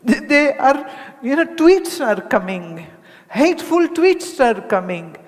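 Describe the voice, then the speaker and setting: A woman's voice: sits high, big pitch swings, takes it slowly. A woman from India giving a spiritual talk to an audience, conversational, asking rhetorical questions and acting out the people she quotes. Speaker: spiritual teacher. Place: large hall with audience. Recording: long hall reverb.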